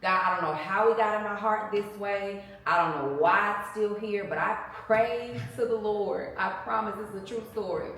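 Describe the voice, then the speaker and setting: A woman's voice: mid-range voice, normal speed, few pauses, fairly bright tone. A woman earnestly telling her side of a marriage testimony in casual chat, emphatic and devout. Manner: earnest, emphatic storytelling with religious fervor. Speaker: guest sharing marriage testimony. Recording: echoey room, mic at a distance.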